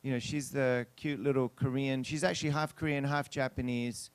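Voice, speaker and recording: In a dry recording, a pastor's smooth, mid-range voice holds a fairly even intonation at normal speed. He recounts an anecdote in his sermon, talking directly to the congregation and performing the quotes of people in the story.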